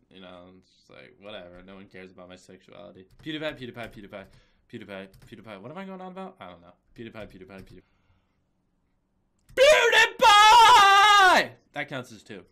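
Young guy with a cold, bright sharp voice, chanting on and on, yelling then muttering. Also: lowish voice. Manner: repeating a chant, breaking off into sudden shouts and mumbled asides. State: has a cold. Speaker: video creator. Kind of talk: casual chat.

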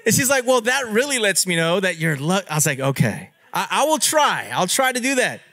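A man preaching as a pastor, telling stories in an animated, playful way and laughing at himself. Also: sits high, brisk. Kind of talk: storytelling sermon.

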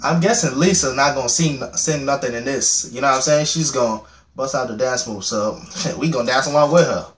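A young man reacting to a music video, joking, swearing freely and getting loudly excited. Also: mid-range voice, a little fast. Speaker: reaction channel host. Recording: echoey room with music playing. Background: music video playing loudly.

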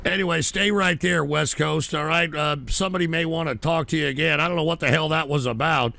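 A man hosting a call-in radio show, cursing and erupting into shouting. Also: on the high side, steady tone, fairly quick, creaky. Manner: explosive, cursing, blows up into shouting.

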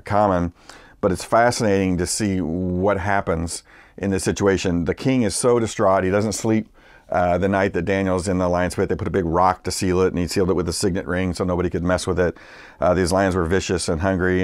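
A man's voice: sits low, no echo, studio quality. A man preaching a sermon as a pastor, in a conversational way with frequent fillers and restarts. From Massachusetts, United States.

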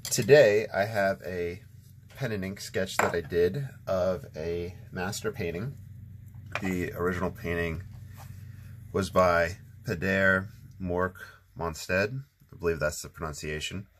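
A man hosting his own watercolor channel, talking through a painting in a relaxed, rambling way with lots of ums, still a bit sleepy. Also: low voice, measured pace, background noise. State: sleepy, just waking up. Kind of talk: casual painting tutorial narration.

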